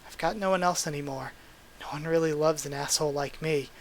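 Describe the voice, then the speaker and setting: A man reading the part of a lonely, quick-tempered young girl stuck in a hospital bed, speaking tearfully. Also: a little high, slight background noise, close to an everyday voice. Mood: grieving. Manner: tearful and pleading.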